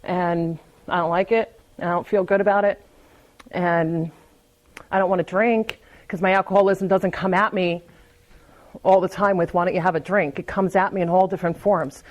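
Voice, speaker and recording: Heard through a muffled recording, a woman with a lowish voice and fairly even intonation talks frankly at a recovery meeting at a normal speed. She speaks loosely, starting sentences over, repeating words, and laughing softly between thoughts.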